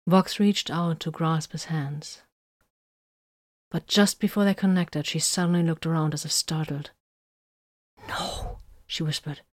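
A woman narrating a story in an even, measured way. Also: fairly low pitch, no room sound, studio quality. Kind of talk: story reading.

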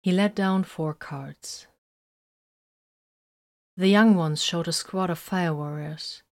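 Brief: woman narrator, slightly low pitch, steady audiobook reading. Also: slow pace. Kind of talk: audiobook narration of fan fiction.

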